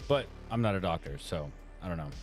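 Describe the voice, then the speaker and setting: A man's voice: low voice, brisk, soft background music. Chatty man reading stream comments aloud. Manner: animated, laughs often, reads viewer comments aloud. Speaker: co-host reading chat on a live art stream. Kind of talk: casual stream chat.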